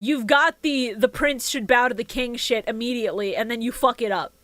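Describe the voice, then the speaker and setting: A woman co-hosting a podcast in casual chat, blunt, joking and quick to swear. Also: fairly high pitch, fairly bright tone, no room sound. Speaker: podcast co-host.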